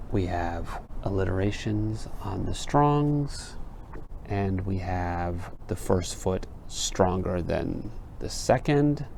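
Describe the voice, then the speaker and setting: A man's voice: sits low, vocal fry, warm tone, slight background noise. A man teaching literature in an explanatory lecture, reading verse lines aloud and checking in with his listeners.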